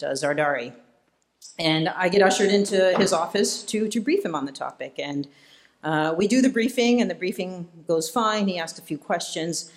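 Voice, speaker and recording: A man from Iowa, a guest speaker giving a public lecture, relaxed and self-deprecating, with frequent "uh" fillers. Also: on the high side. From Iowa, United States. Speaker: guest speaker, policy fellow. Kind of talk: public lecture with personal anecdotes. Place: event hall before an audience.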